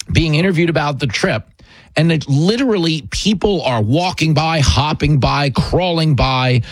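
Comedy host, male, sarcastic monologue, lively husky delivery, dry close recording. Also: a little high, no room sound. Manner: sarcastic, mocking.

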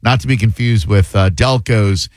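A man's voice: fairly low pitch, normal speed, darkish tone, no echo. A man hosting a casual radio talk show, joking around loosely with a laugh in his voice, on a studio mic. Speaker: radio host.

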